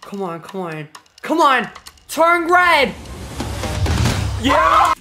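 A woman streamer chatting casually on a live reaction stream, excitable, swearing often and doting on her pets. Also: high voice, drawn-out words, music in the background.

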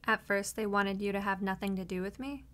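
A woman's voice: medium pitch, fairly quick, fairly bright tone, lightly acted. A woman playing a tearful, tender reformed bad girl. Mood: tender, earnest. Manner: earnest, emotional, near tears. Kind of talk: audio role-play.

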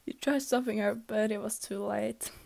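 A woman's voice: medium pitch, fairly even intonation, normal speed, gravelly, a little mellow. A young woman reading a fanfic aloud in a casual, amateur way, stumbling and restarting, sometimes slipping into a whisper. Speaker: fanfic reader.

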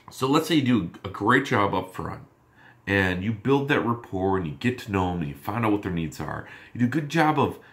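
A man coaching loan officers on sales calls, energetic and emphatic, often checking in with "right?". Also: medium pitch. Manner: acts out quick exchanges in other voices. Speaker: mortgage sales trainer.

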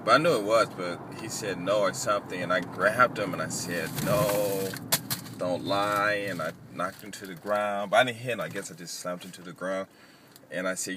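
Deep-voiced man rambling over traffic noise. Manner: rambling, halting, lots of fillers. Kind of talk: casual storytelling.

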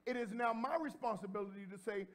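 A pastor preaching a sermon in a church. He talks straight to the congregation in a casual way and repeats phrases as he builds to shouts. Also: high voice, fast. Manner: addresses the congregation directly and informally. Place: church sanctuary before a congregation.

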